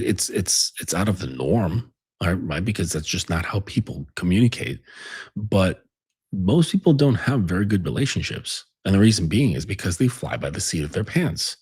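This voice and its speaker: A man's voice: fairly low pitch, a little mellow, breathy edge. A man giving relationship advice in a casual monologue, rambling and blunt, swearing freely with lots of fillers. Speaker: relationship coach.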